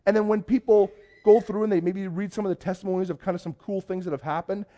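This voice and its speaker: Male pastor, slightly high voice, excitable storyteller in church. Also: fast. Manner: chatty storytelling, excitable, many restarts. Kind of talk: conversational sermon. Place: church before a congregation.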